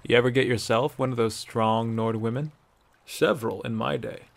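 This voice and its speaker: A man voicing an older male Nord ex-legionnaire who boasts and teases, gruff and matter-of-fact. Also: mid-range voice, fairly even intonation, moderate pace, lightly acted. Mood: joking.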